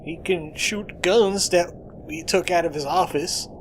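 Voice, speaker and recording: A man's voice: high voice, a little slow, slight background noise. A man giving playful, joking commentary as he plays through a game, now and then voicing lines in character. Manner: joking, hums along and voices game lines. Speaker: let's play host. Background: faint game music.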